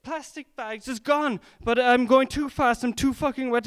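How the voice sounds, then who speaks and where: A man's voice: very high voice, steady tone, normal speed, clear, resonant tone, no room sound. Exasperated young Irish guy telling a story. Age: young adult. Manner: exasperated storytelling with mock-heroic flourishes. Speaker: panelist. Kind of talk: comic anecdote.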